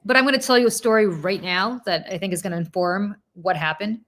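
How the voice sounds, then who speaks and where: A woman hosting a political talk show, telling a story in an animated, casual way with asides and restarts. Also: medium pitch, a little fast. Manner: slips into mocking quoted voices of politicians. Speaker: political commentator and show host.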